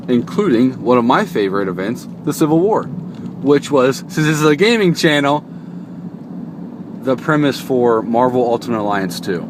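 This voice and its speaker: A young man vlogging from behind the wheel, chatting casually and joking, into a phone stuck to the car window. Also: mid-range voice. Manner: rambling, joking, self-interrupting. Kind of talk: casual chat to camera. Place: inside a car, driving. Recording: road noise inside a car.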